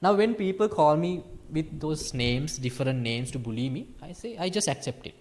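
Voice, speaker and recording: This is a Sri man, a Buddhist monk, speaking in a high, light voice. He teaches a small group in a lively, playful way. His delivery swings between quiet, soft phrasing and sudden emphatic rises. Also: moderate pace, slight background noise. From Sri Lanka. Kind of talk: dharma talk to a small group.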